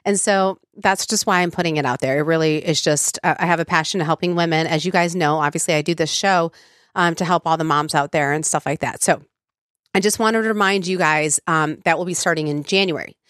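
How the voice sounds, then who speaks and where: A woman's voice: low-pitched, brisk, a bit bright, no echo, studio quality. A woman hosting a podcast, talking casually with many ums and you-knows, her voice congested from a cold. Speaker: podcast host. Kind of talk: casual solo podcast talk.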